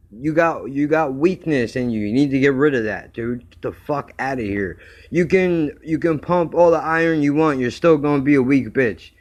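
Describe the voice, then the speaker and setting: A young man hosting a podcast, ranting in a blunt, crude and heated way, swearing constantly. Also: mid-range voice. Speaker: podcast host. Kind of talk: profane rant.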